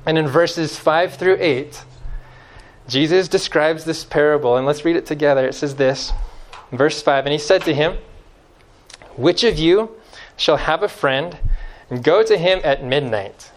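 A man preaching a sermon, emphatic and fond of repeating key phrases, swinging from loud stresses to hushed lines. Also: on the high side, measured pace.

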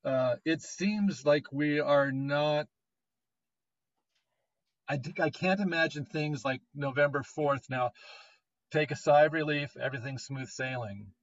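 A man co-hosting a podcast, talking in a casual, animated way and quick to joke. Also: fairly high pitch. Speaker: podcast co-host. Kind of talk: casual conversation. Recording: dull lo-fi audio.

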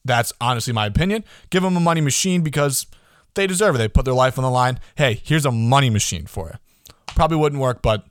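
A man in his early twenties hosting a casual solo podcast, excitable and rambling, swearing freely and often tagging his points with a quick question. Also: medium pitch, no echo, studio quality. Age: early 20s. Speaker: podcast host.

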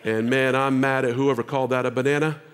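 A male pastor preaching a sermon, moving between casual asides to the congregation and loud exhortation. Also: mid-range voice, fairly even intonation, fast talker, clean tone, a faint crowd.

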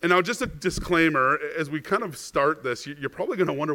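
A man's voice: fairly high pitch, expressive, fast talker, hardly any pauses, pushed and bright. A male pastor preaching a conversational sermon. He often checks in with the congregation with "right?" and repeats words when he stresses a point. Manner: chatty, asks the congregation "right?".

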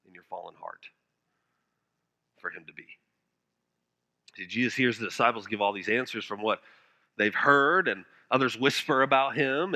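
High, bright-voiced preacher, man. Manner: impassioned preaching, dropping to hushed low phrases for emphasis. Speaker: pastor. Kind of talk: sermon.

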